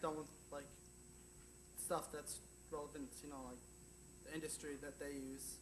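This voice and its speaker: A man's voice: on the high side, little pitch movement, moderate pace, a little hiss or hum, rough recording. A man in a workshop audience, answering hesitantly and filling his talk with "like" and "you know". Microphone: far from the mic.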